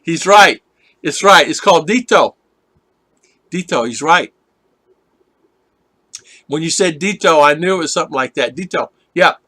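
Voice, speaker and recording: A man's voice: fairly high pitch, expressive, unhurried, long pauses, sharp tone, no room sound. A man hosting a casual live stream, rambling and chatting with viewers, laughing often as he reads their comments.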